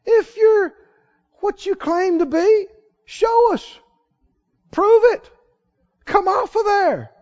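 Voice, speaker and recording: Man playing a taunting mocker, high shrill voice, sarcastic, dull recording. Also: slow, long pauses, darkish tone, big-room sound. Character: sneering male mocker at an execution.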